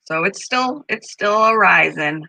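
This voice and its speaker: A woman hosting a casual live stream from home, chatting with viewers and cooing at her pet parrot in a high voice. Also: lively intonation, unhurried, vocal fry, sharp tone, dry recording, low-quality recording. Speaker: channel host. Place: home room.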